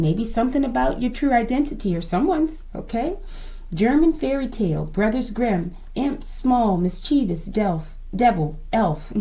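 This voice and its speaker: A woman's voice: a little high, creaky, warm tone. A woman giving a casual tarot reading to her viewers, musing aloud, asking the cards to show her and often calling her audience "collective". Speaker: tarot reader.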